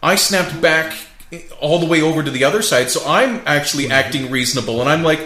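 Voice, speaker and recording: Animated, bright-voiced man telling a story. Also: on the high side, fairly quick. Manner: animated, laughs often while telling. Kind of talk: casual storytelling. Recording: roomy echo with faint hiss.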